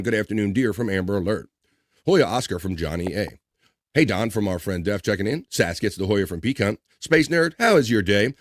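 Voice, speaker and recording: A man hosting a casual livestream, reading out viewer comments with loose, joking shout-outs and easy laughs. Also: mid-range voice, no echo, studio quality. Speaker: livestream host.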